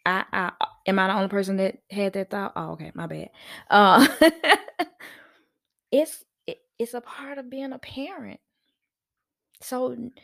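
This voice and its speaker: A woman's voice: fairly high pitch, vocal fry. A woman hosting a casual podcast, telling stories animatedly, laughing often and acting out quotes. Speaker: podcast host. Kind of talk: casual storytelling monologue.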